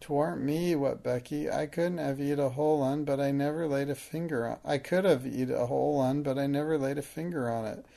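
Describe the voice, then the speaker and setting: A man voicing a timid, poor scullery girl who pleads in rough dialect speech. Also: medium pitch, brisk, hardly any pauses, mellow, natural voice. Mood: pleading, tearful.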